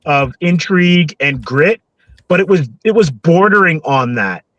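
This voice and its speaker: A man in a casual comics chat, telling a reflective story in a measured way. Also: a little high, lively intonation, fairly bright tone, no room sound, dull audio.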